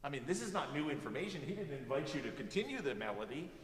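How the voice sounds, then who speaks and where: A fast-talking man with a slightly high voice leads a music master class, animatedly coaching a student and singing phrases as demonstrations. He sounds distant in an echoey hall, and there's slight background noise.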